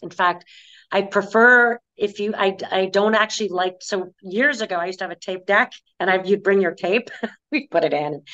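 Brief: woman clairvoyant guest, clear smooth voice, tells animated stories in an interview. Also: mid-range voice, poor audio. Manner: animated storyteller, acts out quoted voices. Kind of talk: conversational interview.

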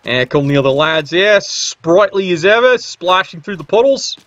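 A man's voice: high-pitched, expressive, moderate pace, fairly bright tone, dry recording, lo-fi sound. A man giving casual, sarcastic play-by-play commentary on a video game match. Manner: cheeky, sarcastic banter.

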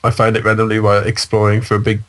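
A man chatting and teasing a friend while they play a video game together, quick to laugh. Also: fairly low pitch, completely flat delivery, fairly bright tone. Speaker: co-player, guest. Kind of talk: casual gameplay chat.

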